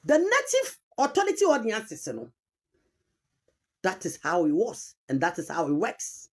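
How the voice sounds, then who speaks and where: A woman's voice: medium pitch, wildly swooping pitch, normal speed, a little mellow. A woman with a Ghanaian accent giving emphatic commentary, repeating key terms and mixing languages as she argues a point. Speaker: commentator on chieftaincy history. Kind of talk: argumentative online commentary.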